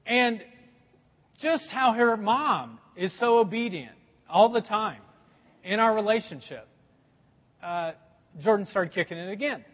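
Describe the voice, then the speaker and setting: A middle-aged pastor delivers a sermon in a high, very lively voice, telling stories in a big animated way. The sound is dull and carries a long reverb from a large church hall. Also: male voice, measured pace, pauses often. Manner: animated storytelling with a lot of pitch swings.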